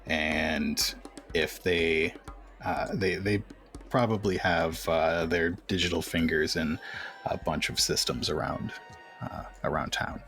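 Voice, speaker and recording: A man running a tabletop game as game master, narrating scenes in a relaxed, conversational way. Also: low-pitched, takes it slowly, faint music behind.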